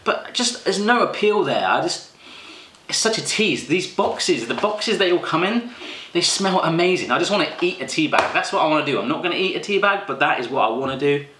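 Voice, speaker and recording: A British man talks to his viewers in a bright, forceful voice that sits a bit high. His reactions are animated and jokey, and he exaggerates them. He is recorded in an echoey indoor room. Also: brisk, slight background noise. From United Kingdom. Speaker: food vlogger. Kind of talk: casual chat to camera.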